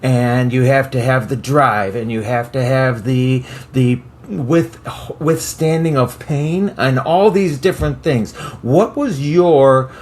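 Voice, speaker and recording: A man's voice: medium pitch, slow, a little mellow. A man hosting a podcast, asking long, rambling questions with restarts. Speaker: podcast host. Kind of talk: casual interview questions.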